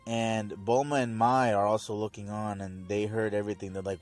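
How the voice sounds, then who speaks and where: A man casually recapping an episode in a rambling, excitable way. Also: lowish voice, normal speed, hardly any pauses, faint music behind. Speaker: channel host.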